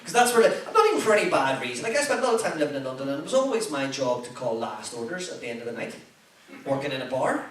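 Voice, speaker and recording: Male stand-up in his thirties, Northern Irish accent, lively pitch, swearing crowd work, recorded far off in a roomy venue. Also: fast talker. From Belfast, Northern Ireland. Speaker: stand-up comedian. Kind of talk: stand-up comedy set. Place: comedy club stage with a live audience. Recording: echoey venue, heard from a distance, audible noise.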